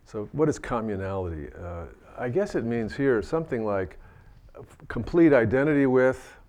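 A man giving a Buddhist dharma talk, gentle and reflective, often restarting his sentences. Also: mid-range voice, lively intonation, moderate pace. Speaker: Buddhist teacher.

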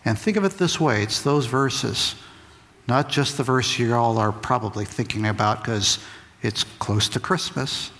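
A man giving a lively, conversational Bible lesson to kids. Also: medium pitch, measured pace. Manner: lively, conversational, acts out quotes. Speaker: Bible teacher. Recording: long reverb of a large hall.

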